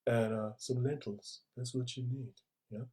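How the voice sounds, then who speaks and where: A wispy male hippie guru murmurs his advice in a hushed, drawn-out voice, as a man puts him on in jest. He sounds quieter than his usual talk and a bit further from the mic. His delivery is dreamy. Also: mid-range voice, fairly even intonation, close to an everyday voice.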